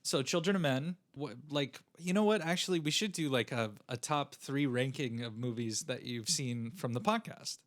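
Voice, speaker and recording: A man's voice: mid-range voice, moderate pace, hardly any pauses. A young man co-hosting a podcast in casual chat, rambling with lots of fillers and restarts. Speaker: podcast co-host.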